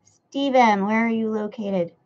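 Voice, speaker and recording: Streaming from home beside a window, an American woman reads her chat aloud in easygoing conversation, laughing and swearing a lot. She speaks unhurriedly in a fairly high, slightly mellow voice, and the audio comes across muffled.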